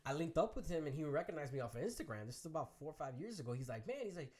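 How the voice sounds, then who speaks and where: Chicago man, DJ guest, fast and animated storyteller. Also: a little high. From Chicago area. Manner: animated storyteller, acts out quoted voices. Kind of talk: casual interview storytelling.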